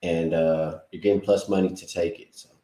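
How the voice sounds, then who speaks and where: A man on a sports betting panel, talking in a laid-back way with relaxed slang. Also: low-pitched, normal speed, roomy sound. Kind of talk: casual sports betting talk.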